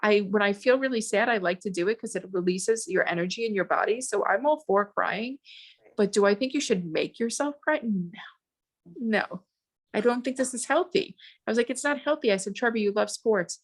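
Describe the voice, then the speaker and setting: A woman in her forties, a podcast guest, talking in a rambling, animated way with many restarts. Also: medium pitch, moderate pace. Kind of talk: casual podcast chat.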